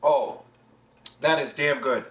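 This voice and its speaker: A young man hosting a home cooking video, walking through each step in a relaxed, chatty way. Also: mid-range voice, slow pace, husky. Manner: relaxed, step-by-step instructions with frequent "gonna go ahead". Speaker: home cook and channel host. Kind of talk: casual cooking walkthrough. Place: home kitchen.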